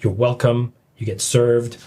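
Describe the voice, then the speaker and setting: A man talking as a podcast guest in a relaxed, hesitant way with many fillers. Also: medium pitch, measured pace, slight background noise. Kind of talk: casual podcast chat.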